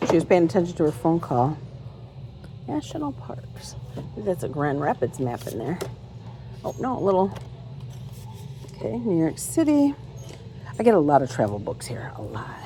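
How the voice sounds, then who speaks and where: A woman's voice: fairly low pitch, sing-song, moderate pace, pauses often, dark tone, slight background noise. Chatty woman rambling in a thrift store. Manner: chatty, digressive, many ums and restarts. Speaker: thrift vlogger. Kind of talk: rambling casual storytelling while browsing.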